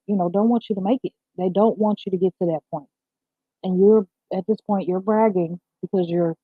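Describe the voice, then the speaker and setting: A woman's voice: mid-range voice, no echo. A woman in her thirties hosting a casual morning livestream, upbeat and chatty, reading viewer comments aloud and talking straight to them. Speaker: livestream host. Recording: tinny phone-like sound.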